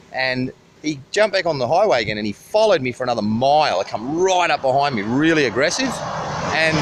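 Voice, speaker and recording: An Australian man vlogging casually at a busy roadside, swearing freely and rambling through a story into a handheld camera. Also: on the high side. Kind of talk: casual roadside travel vlog. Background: faint passing traffic.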